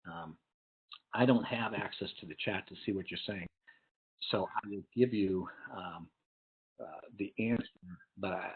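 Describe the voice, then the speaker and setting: A man's voice: sits low, breathy edge. A man presenting a webinar lecture for teachers and parents, explaining step by step and often checking in with "okay?". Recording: tinny phone-like online webinar audio.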